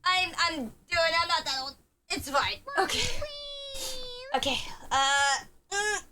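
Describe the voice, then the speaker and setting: A woman's voice: high-pitched, animated, slow, noisy background. A young woman streamer chatting casually with her viewers, laughing often and swearing freely. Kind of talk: casual chat.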